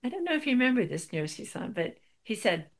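A woman's voice: fairly high pitch, very animated, fast. A middle-aged woman giving a spiritual talk, telling a personal story with wry, self-deprecating humor.

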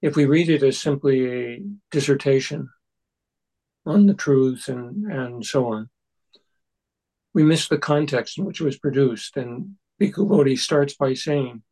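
An older man leading a text study group, speaking in a halting, thoughtful way with many restarts. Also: medium pitch, mellow, low-quality recording. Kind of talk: discussion of a Buddhist text.

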